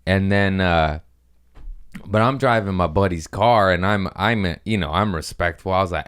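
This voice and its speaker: A man's voice: deep voice, moderate pace, a bit bright, clear, resonant tone. A man hosting a podcast, telling loose, rambling stories with swearing and laughs in a casual chat. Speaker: podcast host.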